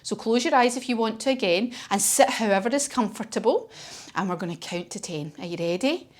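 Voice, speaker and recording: A woman leading a children's yoga class as a story, gentle and encouraging. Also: fairly high pitch, fairly quick. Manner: gentle, encouraging, sing-song. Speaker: kids' yoga teacher.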